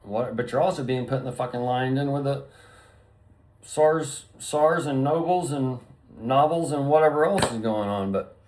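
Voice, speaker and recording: A man's voice: mid-range voice, normal speed, a little mellow, slight background noise. A man rambling through a profane, free-associating solo monologue to his viewers. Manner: profane, stream-of-consciousness wordplay. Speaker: vlogger.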